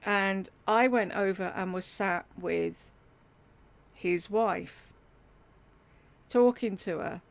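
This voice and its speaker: A woman's voice: mid-range voice, takes it slowly, gravelly, long pauses. A middle-aged woman, candidly telling a personal family story with wry humour and the odd swear word. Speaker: YouTuber telling a life story. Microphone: desktop USB mic.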